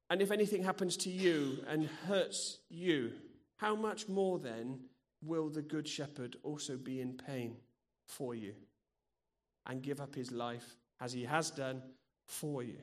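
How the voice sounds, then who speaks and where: A middle-aged man preaching in a church, earnest and personal, sharing stories from his own life. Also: a little high. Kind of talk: sermon.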